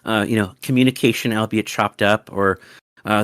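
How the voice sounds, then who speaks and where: A man hosting a fan Q&A, reading questions aloud, eager and excitable, sometimes stumbling over words. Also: lowish voice, normal speed, clean tone, no echo, studio quality. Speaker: fan club host. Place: home studio.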